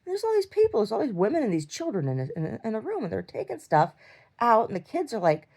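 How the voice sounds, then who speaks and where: Gravelly woman rambling through a video diary. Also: on the high side, huge pitch swings, fast, a little mellow. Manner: rambling, filler-heavy storytelling with many restarts; acts out quoted lines in a raised voice. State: in chronic pain. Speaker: video diarist. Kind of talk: casual video diary, recounting a dream.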